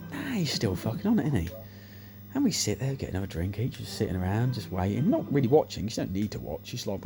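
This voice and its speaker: Man, low voice, lively sweary storytelling, music playing behind. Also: fast talker. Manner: sweary, animated anecdotes, acts out quotes. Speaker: slot machine YouTuber. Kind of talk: casual storytelling over gameplay.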